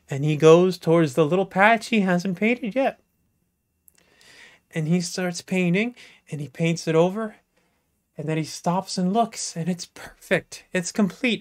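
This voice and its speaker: Live storyteller, stretched-out joke, sudden loud bursts. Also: mid-range voice. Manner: drawn-out, playful narration with sudden bursts. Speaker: comedic storyteller. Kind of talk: live shaggy-dog joke telling.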